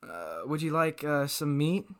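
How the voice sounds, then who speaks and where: Guy doing a laid-back deli clerk, quiet, halting, full of ums. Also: fairly high pitch, big pitch swings, exaggerated voice. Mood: mumbling. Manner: hesitant, lots of ums. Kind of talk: improvised comedy impression.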